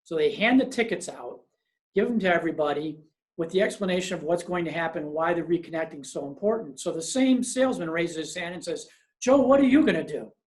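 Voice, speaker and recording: A presenter on a business webinar speaks in a mid-range voice, neither high nor low. The delivery moves from storytelling into emphatic, practical advice for the listeners, and the sound is that of a video call. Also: lively intonation, fast talker.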